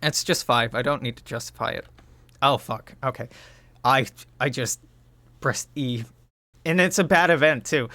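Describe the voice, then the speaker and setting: A man's voice: medium pitch, normal speed, pauses often, pushed and bright, dry recording. A man doing casual, rambling commentary as he plays a video game, often correcting himself and swearing. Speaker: let's play host. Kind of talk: casual game commentary and read-aloud narration.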